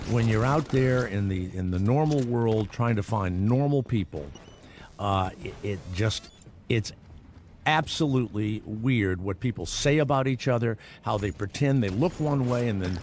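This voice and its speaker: A man's voice: mid-range voice, a little hiss or hum. A middle-aged man hosting a talk radio show, rambling through a sarcastic comedic monologue with mock voices.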